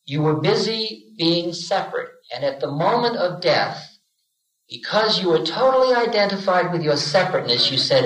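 A man's voice: high-pitched, big pitch swings, moderate pace, fairly bright tone. A man in his forties giving a playful spiritual lecture, telling stories and acting out little voices. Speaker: spiritual teacher. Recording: roomy 1970s lecture recording.

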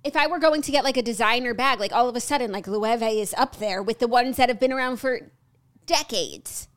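Young woman, podcast co-host, relaxed, wry, short reactions, fairly high voice. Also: brisk. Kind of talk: casual chat.

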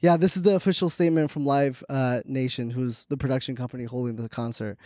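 A man co-hosting a comedy podcast, joking and animated, laughing often. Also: mid-range voice, quick pace, hardly any pauses, dry recording, clean studio sound. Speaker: podcast co-host. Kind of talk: casual comedic chat.

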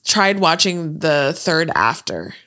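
A woman's voice: low voice, very animated, slow, sharp tone. A woman co-hosting a podcast in casual chat, rambling with fillers, swearing and laughing often. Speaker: podcast co-host.

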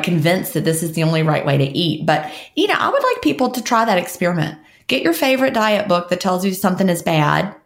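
A woman's voice: mid-range voice, vocal fry, roomy sound. A woman co-hosting a podcast, chatting casually and urging listeners to check things for themselves. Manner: urging and conversational. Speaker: podcast co-host.

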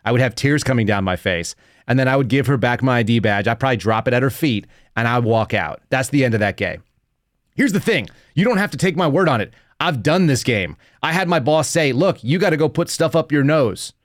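A man's voice: medium pitch, expressive, brisk, no echo, studio quality. A man in his thirties hosting an opinionated podcast, mocking and laughing often as he rants. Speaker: podcast host.

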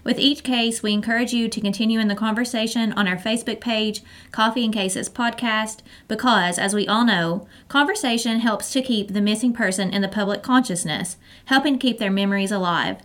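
A woman reads the scripted welcome of a podcast. Her delivery is even and plainly read from the page. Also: on the high side, brisk, few pauses. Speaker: podcast co-host.

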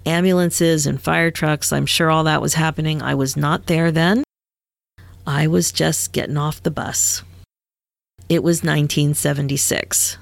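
A woman's voice: low-pitched, creaky, no echo. A woman in her fifties, a podcast host and midlife coach, telling her own story in a candid, conversational way with frequent laughs. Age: 50s. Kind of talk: personal storytelling monologue.

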